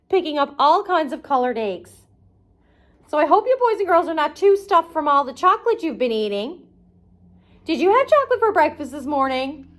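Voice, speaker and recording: A woman with a high-pitched voice talks straight to the children while reading a storybook on her arts and crafts show. Her delivery is sing-song and playful.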